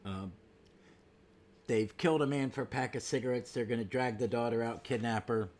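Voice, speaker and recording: A man's voice: mid-range voice, normal speed, darkish tone. A man hosting a casual comic book podcast, chatty, with frequent ums and restarts. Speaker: podcast host.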